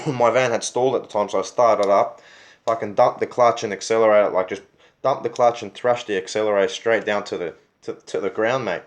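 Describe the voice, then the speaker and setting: A man's voice: on the low side, fairly even intonation, fairly quick. An Australian man telling his own story in a vlog, agitated, swearing heavily and firing off rhetorical questions. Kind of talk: angry personal storytelling.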